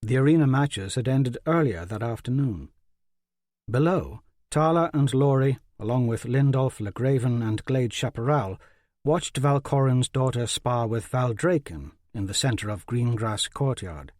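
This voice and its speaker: Guy reading a fantasy audiobook, even and steady, dry close mic. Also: mid-range voice, unhurried, dry recording. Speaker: audiobook narrator. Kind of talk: scripted fantasy narration.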